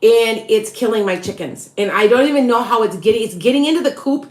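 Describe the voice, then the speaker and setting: A middle-aged woman hosting a casual livestream, talking in a frustrated, halting way with many restarts. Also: on the high side, lively intonation, a little mellow, roomy sound. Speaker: tarot reader hosting a livestream. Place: home, farm.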